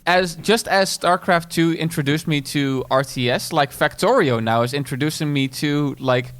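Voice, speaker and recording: A man's voice: on the high side, normal speed, a bit bright. A man talking as a podcast guest, laid-back, swearing and laughing easily. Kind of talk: casual podcast chat.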